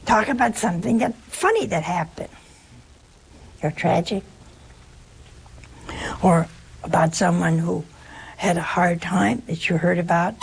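An older American religious sister gives a folksy spiritual talk, chatting through stories and acting out quoted dialogue with a laugh. Her voice is lowish, creaky and husky, captured on a low-quality recording.

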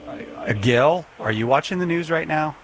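A man hosting a call-in radio show, friendly and relaxed, with a jokey manner as he greets callers. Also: fairly high pitch, normal speed.

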